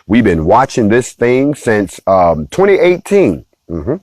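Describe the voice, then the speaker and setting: A man's voice: mid-range voice, a little slow, hardly any pauses, dry recording. Man chatting animatedly to his viewers, dry sound. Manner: animated, playful, addresses viewers as y'all. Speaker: host of a talk stream. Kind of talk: casual monologue to viewers.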